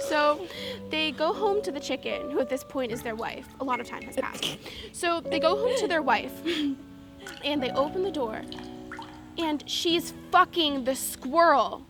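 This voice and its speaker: A woman's voice: sits high, animated, unhurried. An actress playing a young woman who tells crude jokes with constant laughter and talks tenderly to her partner. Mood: joking. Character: young woman, irreverent, affectionate joker. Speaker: girlfriend character telling a joke. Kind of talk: film dialogue, casual banter. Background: music.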